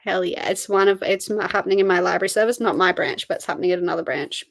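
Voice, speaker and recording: A woman's voice: fairly low pitch, quick pace, gravelly, dry recording. A tired young woman, chatting casually on a livestream and answering chat messages. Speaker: livestream host. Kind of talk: casual live-stream chat.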